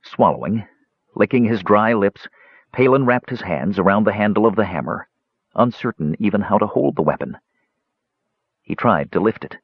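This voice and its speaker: Male audiobook narrator, low husky voice, lively storytelling, dull dry recording. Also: moderate pace, pauses often, no echo. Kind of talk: scripted fantasy narration.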